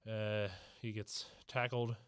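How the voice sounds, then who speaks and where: A man's voice: on the low side, little pitch movement, takes it slowly, smooth, no echo, clean studio sound. A man hosting a stream with casual, live fan play-by-play on a headset mic at home. He is out of breath and sighs between plays. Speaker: stream host.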